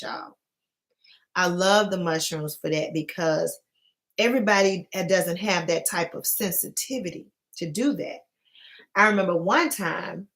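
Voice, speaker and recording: A woman's voice: on the low side, fairly bright tone. A woman vlogging as a dream interpreter, talking loosely and earnestly to her viewers and often calling them y'all. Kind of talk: casual talk to camera.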